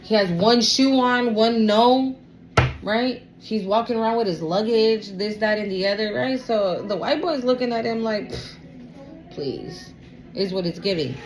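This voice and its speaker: Reading tarot for a collective, this woman retells a story casually, swearing a lot and repeatedly asking "right?" in a chatty manner. She speaks at a moderate pace with a voice on the high side, in a rough recording with slight background noise.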